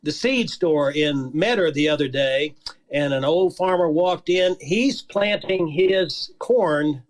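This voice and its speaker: Male beekeeper guest, calm and measured, slightly high voice. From Georgia, USA. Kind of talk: casual radio interview.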